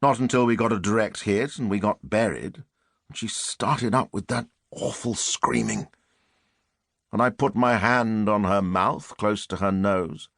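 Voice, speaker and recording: A man voicing a self-pitying gravelly murderer. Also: lowish voice, unhurried, a bit bright, no room sound, clean studio sound. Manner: musing, self-justifying inner monologue. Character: brooding middle-aged English murderer, self-pitying.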